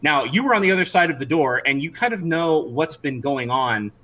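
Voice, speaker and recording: A man's voice: a little high, lively intonation, fairly quick, bright, forceful tone, poor audio. A man narrating a tabletop game as game master, chatty, with frequent restarts. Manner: chatty, with many restarts and fillers.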